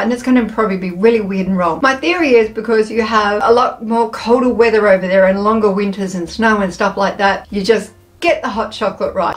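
A woman chatting casually through a food taste test, enthusiastic and playful, with savoring sounds between bites. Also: fairly high pitch.

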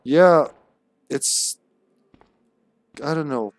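A man's voice: a little high, extremely slow, no room sound. A man streaming a live game, commenting casually with joking, sarcastic remarks and chatting with his viewers.

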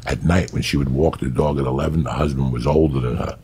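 A man's voice: extremely low pitch, steady tone, fast, mellow, slight background noise. A middle-aged man rambling through profane, raunchy comic stories as a guest storyteller.

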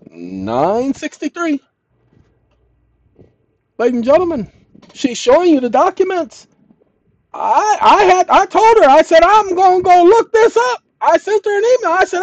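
A man's voice: very high-pitched, very animated, normal speed, no echo. A man hosting his channel, reading an old document aloud and commenting on it emphatically, often telling listeners to pay attention. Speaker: channel host.

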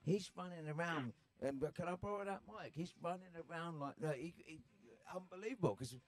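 A man's voice: on the high side, a little fast. An English man, a podcast guest, rambling and joking in crude casual chat. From England.

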